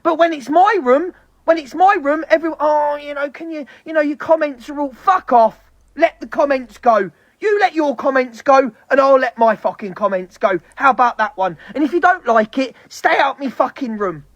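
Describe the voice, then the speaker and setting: A woman's voice: high-pitched, lively intonation, dry recording, highs cut off. A woman on a live stream, venting in a heated, profane rant. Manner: heavy swearing, fast heated ranting.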